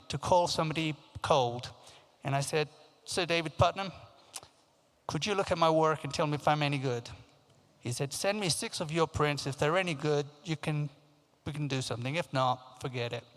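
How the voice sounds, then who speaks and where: A man in his fifties from Africa, raised in England, telling anecdotes at a forum and acting out the voices of the people in his stories. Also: fairly high pitch. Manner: lively anecdotal storytelling, acting out quoted voices. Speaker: keynote speaker. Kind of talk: storytelling talk. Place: large conference hall. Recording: long hall reverb.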